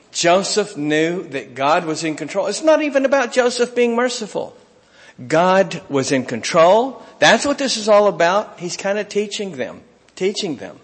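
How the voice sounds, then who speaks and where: Guy preaching a sermon, kinda high voice, big hall echo, goes loud then drops real quiet. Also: measured pace. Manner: expressive preaching, reads scripture aloud, swings from emphatic to hushed. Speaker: pastor.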